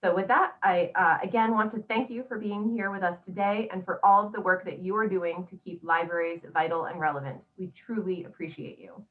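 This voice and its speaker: A woman's voice: lowish voice, fairly even intonation, brisk, few pauses. A woman hosting a webinar, going through housekeeping notes in an orderly, procedural way. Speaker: webinar host. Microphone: video call. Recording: tinny distant video call audio.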